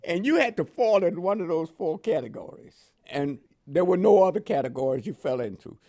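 Lively older man telling war stories. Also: sits high, brisk. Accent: New York with West Indian touches. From Panama. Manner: lively storyteller who laughs often and acts out dialogue. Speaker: interviewee, veteran. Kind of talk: oral history storytelling.

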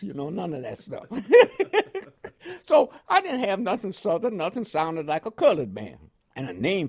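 A man's voice: high voice, wildly swooping pitch, a little slow, long pauses, breathy edge. An older man from Panama with a New York accent touched by West Indian inflections, telling his life story in an interview and chuckling often. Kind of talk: oral history storytelling.

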